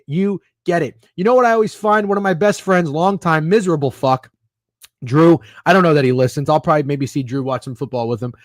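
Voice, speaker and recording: A man, wandering from one opinion to the next and swearing freely. His voice sits a little high for a man. The sound is close and dry. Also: expressive, brisk, dry recording. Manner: rambling, profane, opinionated. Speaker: sports betting podcast host. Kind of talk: casual chat reading live comments.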